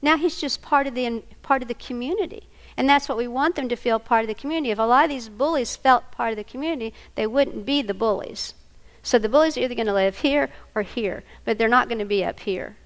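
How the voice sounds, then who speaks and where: A woman's voice: a little high, quick pace, hardly any pauses. A woman, teaching a workshop to a live audience, telling stories and checking in with her listeners. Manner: animated, storytelling, checks in with listeners. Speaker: workshop presenter.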